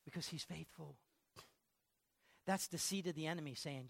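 A woman pastor preaching a sermon in a church, animated and fond of asking the congregation questions, with frequent laughter. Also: deep voice, moderate pace, creaky, slightly rough, no room sound. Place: church sanctuary.

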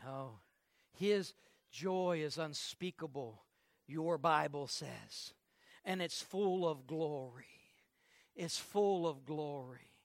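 A male pastor delivers an Easter sermon, moving between soft passages, shouted declarations, and quick-fire questions aimed at the congregation. His voice is slightly high, and the studio-quality recording has no echo.

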